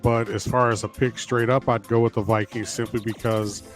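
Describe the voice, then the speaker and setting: A man's voice: medium pitch, flat delivery, moderate pace, faint music behind. A man co-hosting a sports podcast, giving his picks in a rambling, easygoing way with lots of fillers. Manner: rambling, many fillers and restarts. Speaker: podcast co-host. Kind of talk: casual sports talk.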